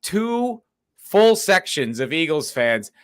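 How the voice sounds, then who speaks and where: A man's voice: on the high side, slow pace, smooth, no room sound, studio quality. A man co-hosting a casual podcast, telling a long story with lots of swearing and laughter. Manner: animated storyteller, swears often, laughs through his telling. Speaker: podcast co-host.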